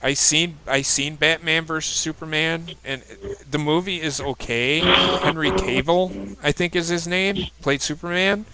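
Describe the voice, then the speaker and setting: A man's voice: on the high side, steady tone, a little slow, hardly any pauses, background noise. A man hosting a casual chat show, giving blunt opinions and swearing freely. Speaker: podcast host.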